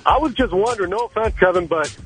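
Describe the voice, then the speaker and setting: A male caller on a morning radio show who teases the host with a hesitant, joking delivery. His voice sits fairly high, and faint music plays under the call. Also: expressive, fast, fairly bright tone.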